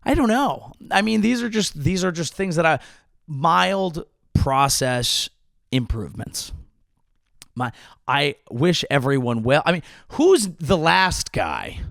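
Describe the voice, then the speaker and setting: A man's voice: on the high side, very animated, slow, gravelly, fairly bright tone, dry recording, clean studio sound. A man hosting his comedy podcast, delivering a sarcastic, rambling monologue full of restarts.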